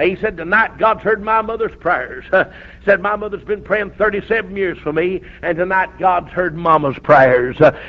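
Revival preacher, male, high voice, folksy storytelling that breaks into shouts; muffled old recording.

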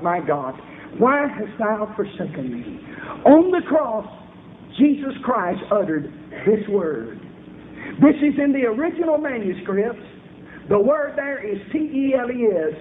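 A man preaching a revival sermon with fervent, rhythmic shouting bursts. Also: high voice, a little hiss or hum. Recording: echoey room over a tinny phone-like line.

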